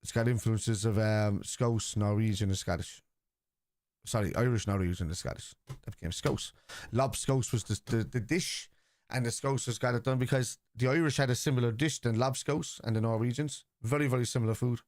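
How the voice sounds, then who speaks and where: A man's voice: mid-range voice, moderate pace, a little mellow, no echo. Chatty Liverpool man on a livestream. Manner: chatty, rambling, teasing commenters. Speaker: watchalong streamer reading live chat. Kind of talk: casual live-stream chat.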